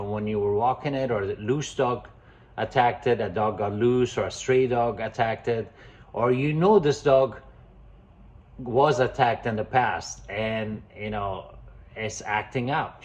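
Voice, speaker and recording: Male dog trainer, casual emphatic teaching talk, mid-pitched voice, dull lo-fi recording. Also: a little mellow. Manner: emphatic, keeps addressing viewers as "guys". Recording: dull lo-fi sound.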